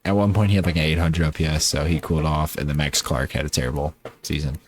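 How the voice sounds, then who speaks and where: A man's voice: rumbling low, steady tone, fast, slight background noise. A man casually talking through his baseball video game season, rambling and correcting himself as he goes. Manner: rambling, self-correcting, offhand. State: tired. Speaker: gaming YouTuber.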